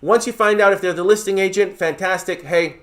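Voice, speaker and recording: A man coaching his audience with direct, emphatic advice, his voice sitting a little high. He keeps checking in with a quick "right?" or "okay?" as he lays out each step. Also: steady tone. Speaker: real estate mentor. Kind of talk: coaching talk to camera.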